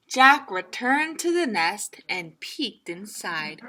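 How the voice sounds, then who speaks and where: Animated woman reading a picture book aloud. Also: medium pitch, slow pace, few pauses. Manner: animated, playful, laughing asides. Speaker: children's librarian.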